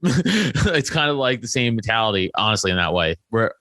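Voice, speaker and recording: A young man, a comedian guest, talks in an animated, profane way, packing his stories with filler likes. His voice sits at an ordinary middle pitch. The recording is dry and close. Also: fairly quick, no room sound. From Staten Island, New York. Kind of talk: casual interview storytelling.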